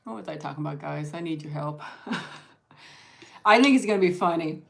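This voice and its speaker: Low-voiced woman chatting with her viewers. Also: moderate pace, creaky. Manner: rambling, restarts sentences and thanks viewers by name. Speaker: vlogger hosting an eat-with-me stream. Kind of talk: casual livestream chat.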